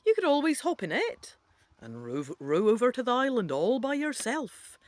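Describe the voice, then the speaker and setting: A woman's voice: fairly high pitch, big pitch swings, moderate pace, a little mellow, no room sound. A woman reading an interactive adventure book aloud, adding playful, chatty asides to the listener.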